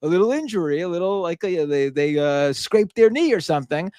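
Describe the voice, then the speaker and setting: A man's voice: high-pitched, lively intonation, fairly quick, a little mellow, clean tone, dry recording, studio quality. A man hosting a live stream, reading super chats aloud and ranting in a casual, profane, indignant way. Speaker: livestream show host.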